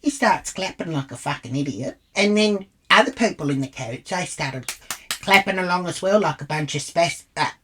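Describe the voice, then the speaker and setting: Low-voiced Australian woman telling a crude story. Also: animated, normal speed, noisy background. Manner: crude, rambling storyteller who swears freely. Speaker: vlogger. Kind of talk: storytime monologue.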